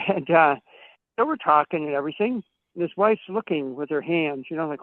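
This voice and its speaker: A man's voice: on the high side, expressive, brisk, dry recording. A man, a podcast guest, tells long profane stories and acts out the dialogue of the people in them. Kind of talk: casual storytelling chat. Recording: tinny phone-like line, dry.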